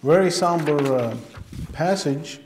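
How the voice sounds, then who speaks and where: A man's voice: on the high side, takes it slowly, a little mellow, a little hiss or hum. Guy pastor giving a sermon, repeats stuff for emphasis, roomy church sound. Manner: emphatic preaching, repeats phrases for stress. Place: church sanctuary. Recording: echoey church room.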